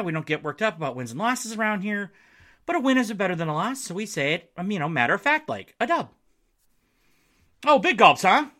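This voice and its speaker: A man talks through his own sports podcast, recorded alone in his basement. His voice is bright and forceful, slightly higher than most men's, and it swings up and down animatedly. He jokes at his own expense and wanders into playful asides. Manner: playful, self-mocking, rambling asides. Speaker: podcast host. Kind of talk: solo sports podcast, casual and jokey. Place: home basement.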